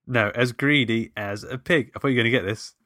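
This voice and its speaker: A man's voice: mid-range voice, fast, bright, forceful tone, no echo, studio quality. A man co-hosting a casual podcast, running a playful movie-quote quiz and laughing often. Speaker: podcast co-host. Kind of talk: casual chat, quiz game.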